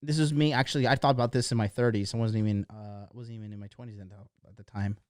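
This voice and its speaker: A man's voice: on the low side, fairly even intonation, fast talker, dry recording, studio quality. A man in his thirties, a dating coach telling a rambling story in a blunt, profane motivational monologue.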